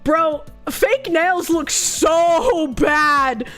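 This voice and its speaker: A woman streamer chatting casually, telling an animated story with frequent swearing and laughter. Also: very high voice, drawn-out words, soft background music.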